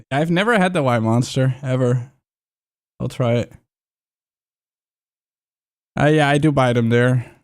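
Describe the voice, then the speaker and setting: A man's voice: mid-range voice, slow, long pauses. A young man chatting casually on a livestream, rambling and swearing freely. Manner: excitable, swears a lot, rambling.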